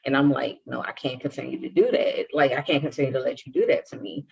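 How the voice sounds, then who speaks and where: A woman's voice: rumbling low, little pitch movement, fast talker, gravelly, a little mellow, husky. A young adult woman co-hosting a podcast, telling a personal story and acting out the dialogue with animation. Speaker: podcast co-host. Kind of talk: casual chat, personal story. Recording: dull lo-fi sound.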